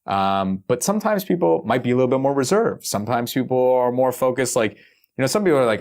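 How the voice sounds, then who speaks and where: A man's voice: mid-range voice, expressive, fast talker, a little mellow. A man hosting a podcast interview, asking eager, rambling questions. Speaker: podcast host.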